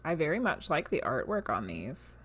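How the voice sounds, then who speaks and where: A woman with a Southern US accent streams live, chatting casually, musing over cards, reading their names aloud and talking with viewers. Her voice sits low and is husky and a bit bright, with a sing-song lilt at normal speed.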